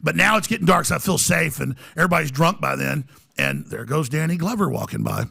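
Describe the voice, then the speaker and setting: A man guest on a podcast, telling a story in an excitable way, stumbling and restarting and acting out what people said. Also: fairly high pitch, fast talker, vocal fry, husky. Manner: excitable, many restarts, acts out quotes. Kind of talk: animated storytelling.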